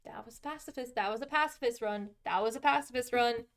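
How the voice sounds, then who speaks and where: A woman's voice: a little high, a little fast, fairly bright tone. Emotional, exclaiming woman streaming a game. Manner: emotional, exclaiming, swears freely.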